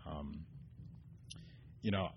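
A man with a very low voice speaks at a recovery meeting, earnest and halting. He stops and restarts often and fills pauses with ums. A faint noise sits under the recording. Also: lo-fi sound. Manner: earnest, getting choked up. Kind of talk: personal recovery share. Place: meeting room.

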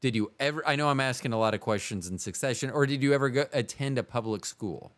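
A man's voice: medium pitch, quick pace, fairly bright tone, no echo. A man hosting a podcast, asking long, rambling, self-correcting questions with goofy jokes. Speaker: podcast host. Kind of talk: casual interview.

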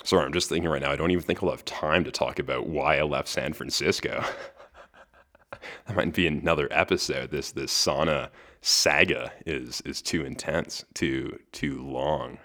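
A young man hosts a podcast alone, spinning a story with a very deep voice. He talks casually, tripping over a word now and then and laughing between lines. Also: moderate pace, fairly bright tone. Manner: chatty, laughs between lines, restarts words. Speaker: podcast host.

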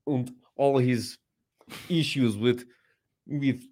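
A man hosting a radio show, commenting from the studio in a wry, amused, measured way. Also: mid-range voice, warm tone.

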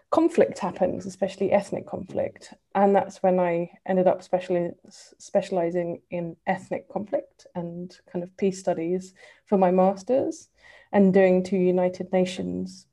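A woman's voice: on the low side, flat delivery, measured pace, gravelly, dark tone. A woman in her thirties with an English accent, answering interview questions thoughtfully, with lots of ums. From England. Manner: thoughtful, many ums and kind ofs. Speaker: guest, civil servant. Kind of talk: interview answers, casual talk.

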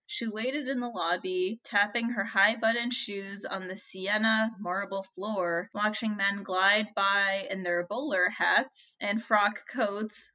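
A woman's voice: medium pitch, pushed and bright. A woman co-hosting a podcast, casually telling a history story with chatty asides and laughter. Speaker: podcast co-host.

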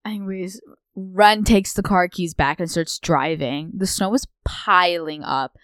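Young woman telling a profane, animated story. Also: fairly low pitch, a little slow, clear, resonant tone, no echo. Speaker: podcast co-host. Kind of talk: casual chat.

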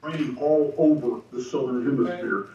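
Lecture voice heard from playback: measured and explanatory, muffled and distant. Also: medium pitch, fairly even intonation, over a noisy crowd. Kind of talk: recorded lecture played back. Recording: distant, dull, roomy playback.

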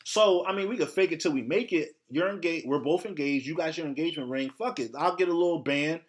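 Male podcast host, blunt and profane, slightly high voice, ranting solo to his audience. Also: fast talker.

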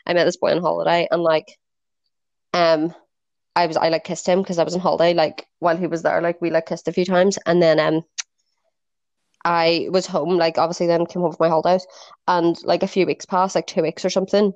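Low-voiced young woman, chatty podcast host. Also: flat delivery, fairly quick, darkish tone, dry recording, lo-fi sound. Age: 20s. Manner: chatty, swears freely, frequent "like" fillers. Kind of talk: casual chat.

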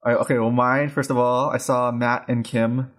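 A man co-hosting a casual chat, talking in a halting way with restarts. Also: mid-range voice, flat delivery.

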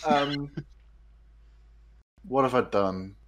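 A man's voice: mid-range voice, extremely slow. A young man co-hosting a podcast, chatting casually with dry, mock-indignant humour. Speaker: podcast co-host. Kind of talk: casual chat.

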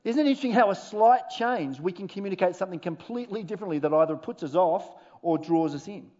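A male pastor delivering a sermon in a church, his voice sitting high and carrying an animated, humorous preaching manner with deliberate pauses. The recording is dull and lo-fi. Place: church auditorium.

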